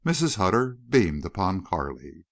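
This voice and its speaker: Man reading a western audiobook, low voice, very animated, dry close sound. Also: moderate pace, no echo. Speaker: audiobook narrator. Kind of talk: scripted narration.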